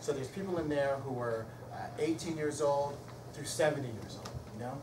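A middle-aged man, a musician and guest speaker, tells a personal story in a lively lecture, swinging between loud excitement and hushed emotion. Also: on the high side, normal speed. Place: lecture hall. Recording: echoey hall from far off, noisy.

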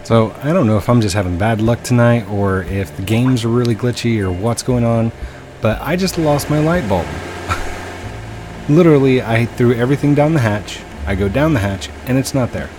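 A man's voice: medium pitch, moderate pace, noisy background. Chatty man narrating his gameplay. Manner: chatty, sighing, mildly exasperated. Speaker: gaming video host. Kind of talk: casual let's-play commentary.

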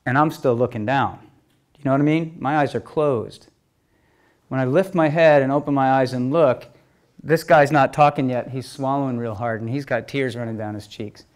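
A man gives a relaxed storytelling talk at an ordinary middle pitch. He acts out what people said as bits of dialogue. He keeps checking in with his listeners as he goes. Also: normal speed. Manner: keeps checking in with "okay?" and "you know?"; re-enacts exchanges as quoted dialogue. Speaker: speaker telling stories to an audience.

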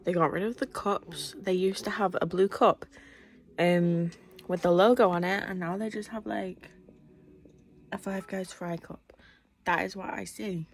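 A woman's voice: fairly low pitch, steady tone, a little slow. A young woman vlogging in a casual rant, rambling and exasperated, often dropping to a whisper. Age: young adult. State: out of breath; tired.

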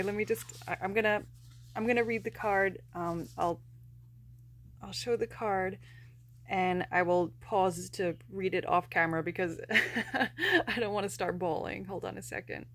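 A woman hosts a casual unboxing vlog with a middle-pitched voice. She gushes over each item and breaks into soft laughter as she gets emotional. Faint noise sits under the recording. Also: normal speed. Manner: gushing, emotional, often laughing softly. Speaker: plush collector vlogger.

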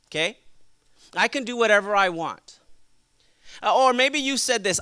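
A man preaching a sermon to young people as their pastor, lively and acting out quoted voices. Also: very high voice, a little slow, long pauses, clean tone, no room sound. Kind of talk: youth sermon.

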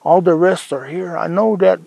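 Man playing a worried father, higher raised calling voice, gravelly, dry close sound. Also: moderate pace, mellow, no echo. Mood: fretting. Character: worried father calling for his lost son.

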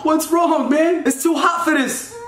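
A man in his twenties vlogging to a handheld camera at home and out in a garden, talking in an animated, exasperated, slangy way. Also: extremely high pitch, unhurried. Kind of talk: casual vlog to camera. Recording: roomy echo, loud background noise.

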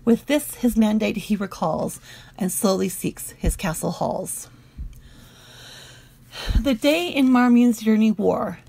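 A woman reading narrative poetry aloud in a measured, rhythmic way. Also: medium pitch, creaky, darkish tone, breathy edge, dry recording. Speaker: audiobook reader.

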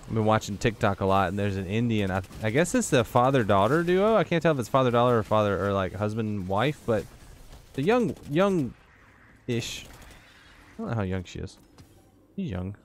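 A man's voice: fairly low pitch, lively intonation, moderate pace, a little hiss or hum. A tired man giving rambling, joking commentary to himself while playing a video game. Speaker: gaming YouTuber. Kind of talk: casual gameplay commentary.

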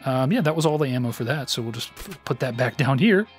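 A man's voice: mid-range voice, expressive, quick pace, soft background music. Self-deprecating man commenting on gameplay. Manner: self-deprecating, rambling with many fillers. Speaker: let's play host.

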